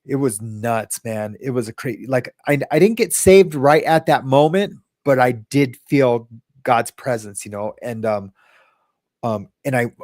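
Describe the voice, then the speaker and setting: A man's voice: medium pitch, lively intonation, measured pace, a little mellow, dry recording, studio quality. A man hosting a podcast, telling his own recovery story in a casual, rambling way, with many restarts and quoted lines.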